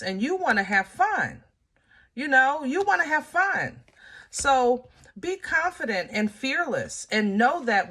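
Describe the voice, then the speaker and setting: A tarot reader talks viewers through a casual reading to camera, relaxed and conversational. Her medium-pitched voice is bright and forward, and she's animated and chatty, with laughs and colloquial asides.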